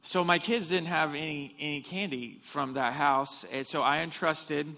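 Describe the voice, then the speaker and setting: A man's voice: on the high side, moderate pace, gravelly, pushed and bright. A man preaching a sermon in a church hall, telling funny stories and asking the congregation questions. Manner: humorous storytelling, asks the congregation questions. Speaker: pastor. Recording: long reverb of a hall.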